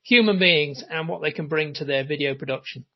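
A man's voice: a little high, brisk, dull audio. A man hosting a casual interview podcast, chatty and full of fillers. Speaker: podcast host.

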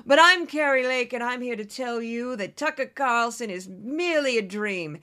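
A woman putting on the voice of a brash, imperious female news anchor turned politician, talking loud and slow. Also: on the high side, animated. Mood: bossy.

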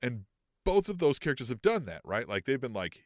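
A man's voice: quick pace, dry recording, studio quality. A man co-hosting a casual wrestling podcast, swearing freely and mimicking people in mocking voices. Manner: animated, swears often, acts out quotes in mocking high voices. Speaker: podcast co-host.

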